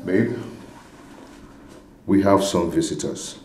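A man with a Nigerian accent playing a gentle husband coaxing his wife. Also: deep voice, steady tone, takes it slowly, loud music behind the voice. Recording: echoey room.

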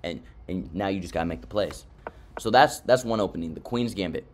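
A young man with a slightly low voice runs a casual chess tutorial. He is slangy and hyped, and he talks straight to his viewers as if they were friends. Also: lively intonation, a little fast, slight background noise. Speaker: chess content creator.

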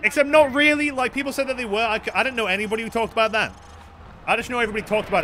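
A man's voice: extremely high pitch, rapid-fire, bright, forceful tone, a little hiss or hum. A young man streaming a video game with rambling, joking, profane commentary. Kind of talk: casual gameplay commentary.

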